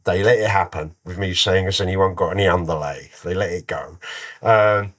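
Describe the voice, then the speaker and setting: A man telling lively, cheeky anecdotes as a guest, in a casual and slangy way. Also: low voice, normal speed. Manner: animated, cheeky, slangy storyteller. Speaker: guest musician.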